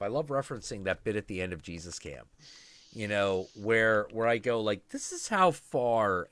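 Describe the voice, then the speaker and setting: A man hosting a livestream, telling a story in a casual, profane, animated way and acting out the voices. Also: mid-range voice, dry recording. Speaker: show host.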